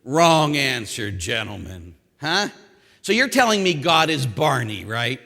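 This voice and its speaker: A man, a priest and former coach, preaching a lively sermon and acting out what others say. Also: medium pitch, unhurried, gravelly, soft background music. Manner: animated, acts out quotes, shouts at times. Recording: long hall reverb.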